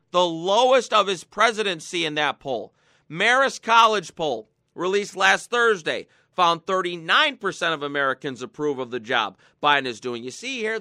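A man's voice: high voice, bright, forceful tone, no echo, studio quality. A man hosting a political talk show, ranting sarcastically and mocking his targets. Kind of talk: political commentary.

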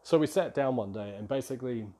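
A man's voice: mid-range voice, fast talker, dark tone. A man hosting a podcast, telling a rambling, self-reflective story in a casual solo monologue. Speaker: podcast host.

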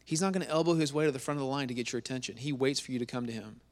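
A man's voice: medium pitch, racing, big-room sound. A man preaching a sermon, reading scripture verses aloud and repeating words for emphasis.

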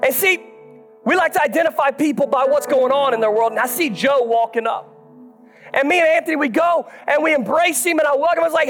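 A man, a pastor telling a self-deprecating story in a sermon, moving from soft asides to shouted high points. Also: fairly quick, faint music behind.

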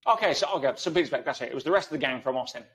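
A man's voice: medium pitch, expressive, very fast, fairly bright tone, lo-fi sound, slight background noise. A man speaking as an interview guest, making emphatic points with analogies and rhetorical questions. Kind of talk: conversational interview.

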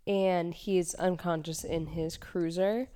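A woman's voice: fairly low pitch, steady tone, slow pace, warm tone, smooth. A woman co-hosting a podcast, recapping a TV episode in casual chat with lots of "um" and "like". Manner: chatty, frequent "um" and "like". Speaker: podcast co-host.

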